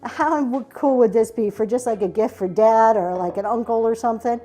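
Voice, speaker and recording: A woman's voice: on the high side, moderate pace, warm tone, soft background music. A woman hosting a live online auction show, chatting casually and gushing over each vintage item as she shows it, with "um" and "y'all" along the way. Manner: says "y'all" and "um" often. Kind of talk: casual live-stream sales pitch.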